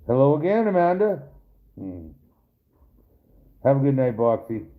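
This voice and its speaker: A man's mid-range voice takes on a sing-song, unhurried lilt as he hosts a live stream and reads comments aloud. He rambles, swears, and speaks straight to his viewers over tinny, phone-like audio.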